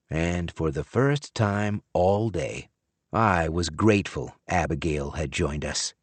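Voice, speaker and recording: A man narrating an audiobook in the first person, in a measured, expressive storytelling manner. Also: low-pitched, dry recording.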